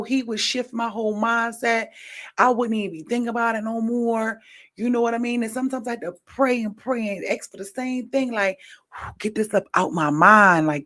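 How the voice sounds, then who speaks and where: A woman podcast host in casual commentary, animated and preachy, rambling with slang. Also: on the high side.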